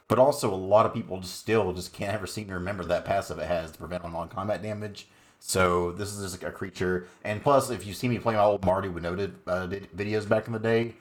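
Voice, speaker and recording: Chill guy with a lowish voice, chatty deck tech, lots of ums and uhs. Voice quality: laid-back, chatty with frequent fillers. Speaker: channel host, card game player. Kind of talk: casual deck tech and gameplay commentary.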